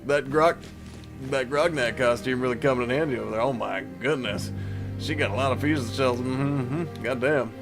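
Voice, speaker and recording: A man's voice: mid-range voice, moderate pace. A man casually commenting while he plays a game. He rambles, swears a lot and makes joking asides to himself. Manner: rambling, profane self-talk with joking asides. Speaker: gameplay streamer. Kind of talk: casual let's-play commentary. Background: game music.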